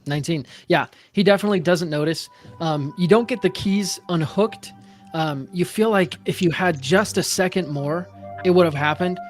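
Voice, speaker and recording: A man game master narrating a tabletop session over a video call. He hesitates often, filling gaps with ums, in a fairly high voice. Faint music plays underneath. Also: normal speed. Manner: hesitant, many fillers.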